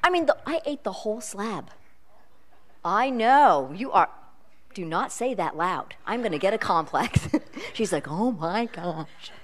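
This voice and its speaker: A woman's voice: mid-range voice, sing-song, a little slow. A middle-aged woman preaching a sermon in a chatty, self-deprecating storytelling way.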